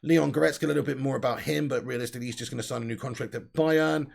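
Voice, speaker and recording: A man's voice: medium pitch, steady tone, racing, creaky. A young man hosting a live fan stream, chatting and laughing while he reads out viewer comments. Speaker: host of a fan channel livestream.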